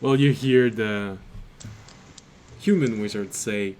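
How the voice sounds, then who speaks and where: Slow-spoken man running a tabletop game. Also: mid-range voice, animated, a little mellow, slight background noise. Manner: slow, measured narration with voiced characters. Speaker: game master.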